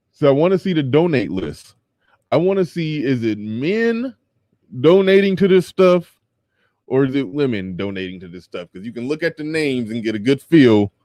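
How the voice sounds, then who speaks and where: A man's voice: medium pitch, mellow, dry recording. A man hosting a live show, commenting in a chatty, wry way and reading pages aloud. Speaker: podcast host.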